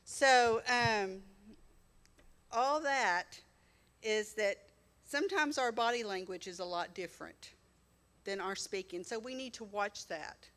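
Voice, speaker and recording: A woman's voice: medium pitch, takes it slowly, long pauses, fairly bright tone. A woman sharing a sermon on marriage beside her husband, plainspoken and conversational. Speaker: pastor's wife.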